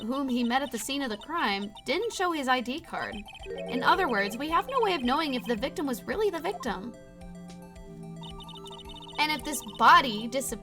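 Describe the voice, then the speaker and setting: A woman's voice: sits high, pitched above the performer's own voice. A woman reading the lines of an earnest young male defense attorney in a plain, reasoning tone.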